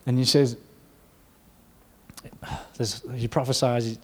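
Preaching at a normal speed in a mid-pitched voice, a man tells a story with animated energy, acting out the quotes and laughing now and then.

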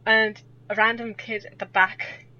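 Irish woman, young adult, chatty storyteller, bright tone, muffled lo-fi recording. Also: a little high, flat delivery, measured pace. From Ireland. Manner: chatty, laughs often, rambling. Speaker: podcast guest. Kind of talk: casual storytelling. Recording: dull lo-fi audio.

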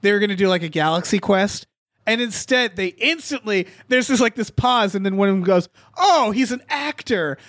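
A man co-hosting a casual podcast chat, talking in an animated, profane way and acting out quotes. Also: high-pitched, brisk, dry recording, studio quality. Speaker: podcast co-host.

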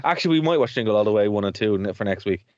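A man's voice: lowish voice, lively intonation, very fast, no room sound, highs cut off. A man co-hosting a radio show and podcast, chatting casually and rambling as he laughs often. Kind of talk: casual chat.

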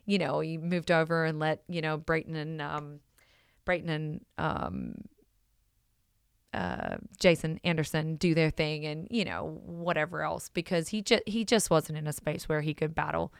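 A woman with a low, smooth voice talks through a personal story in an easygoing, rambling way. She leans on fillers and restarts, and her tone is expressive. The sound is close and dry, with no room around it. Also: measured pace, no echo. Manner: chatty, expressive, many fillers like "you know". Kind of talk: casual storytelling monologue.

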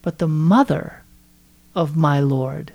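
A middle-aged man co-hosts a faith podcast, speaking thoughtfully and with quiet amazement. His voice has a gravelly edge. He sounds calm and unhurried. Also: fairly high pitch. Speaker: podcast co-host. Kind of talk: casual faith conversation.

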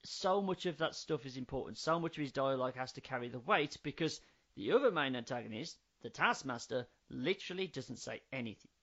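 A man's voice: mid-range voice, expressive, a little fast, fairly bright tone, highs cut off. A man co-hosting a casual film-review podcast, ranting in an exasperated, sweary way. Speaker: podcast co-host.

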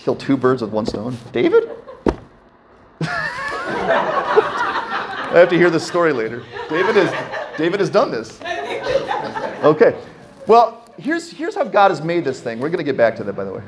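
A man's voice: fairly high pitch, huge pitch swings, unhurried, long pauses, heavy background noise. Male pastor preaching conversationally. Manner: conversational preaching, asks the congregation questions. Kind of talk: sermon.

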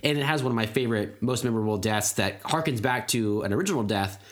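A man co-hosting a casual podcast, talking enthusiastically about horror movies and quick to laugh. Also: mid-range voice. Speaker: podcast co-host.

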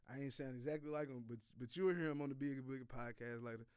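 On a sports podcast, a male host fires off a loose, slangy, profane rant full of repeated phrases in casual commentary style. His voice is medium-pitched and darkish yet smooth, and he talks fast. The recording is dry and studio quality.

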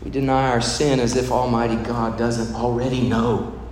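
A man's voice: mid-range voice, level tone, moderate pace, a little mellow. A man preaching a sermon as a pastor, telling stories dramatically and acting out the voices of the people in them. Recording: echoey hall, faint noise.

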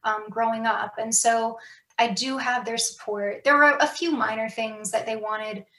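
Woman guest on a podcast, kinda high voice, chatty and open, roomy echo. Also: fairly even intonation, unhurried, pushed and bright. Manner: candid, reflective, many fillers and restarts. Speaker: author guest. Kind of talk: casual podcast conversation.

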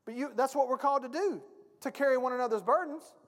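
A man's voice: extremely high pitch, fast talker. A male pastor preaching a sermon, emphatic and speaking directly to his congregation. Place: church sanctuary. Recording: long reverb of a church hall.

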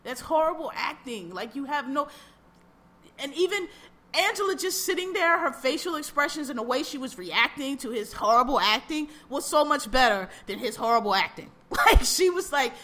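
A woman on a podcast tearing into a TV show in loose, blunt conversation. Her voice sits a bit high and comes across bright and forceful, and she piles up repeated words as she gets worked up. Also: animated, moderate pace. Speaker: podcast co-host. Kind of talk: casual chat reviewing a TV show.

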